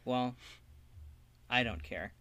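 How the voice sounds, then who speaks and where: A man playing a tabletop game, talking in an excitable, casual way. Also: mid-range voice, slow pace, no echo, muffled recording. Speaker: player.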